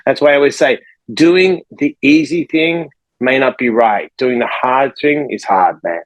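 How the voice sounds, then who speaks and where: A man who is a life coach and author, telling a story in a podcast conversation with lively energy and acting out the people in it. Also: medium pitch, a little slow, no room sound, rough recording. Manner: energetic, acts out the people in his stories.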